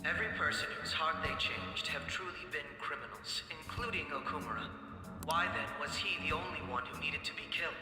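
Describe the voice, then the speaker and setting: A courteous, slyly teasing teenage boy detective from a game, played by a man, voice a little high. The sound is echoey, with a long hall reverb. Game music plays underneath. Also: lively intonation, a little fast, lightly acted. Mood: guarded.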